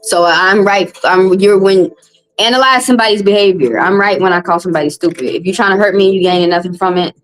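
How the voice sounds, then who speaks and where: A fast-talking woman, heard on a rough recording, hosts a tarot live stream and vents to viewers. Her delivery is blunt and full of swearing, with her pitch going up as she goes.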